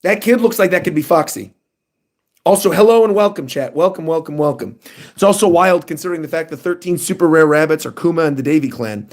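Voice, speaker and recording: A man on a casual livestream reacting to a new manga chapter. He talks in a fairly high voice and gets excitable and animated as he reads panels aloud and comments. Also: a little fast.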